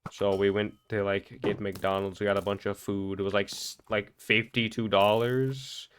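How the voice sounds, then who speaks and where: A young man with a fairly low voice talks fast and loose, rambling and tripping over his words as he narrates. He sounds wired and energetic from a sleepless night. Faint clicking runs underneath. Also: slight background noise. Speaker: gaming vlogger. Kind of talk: casual commentary over gameplay.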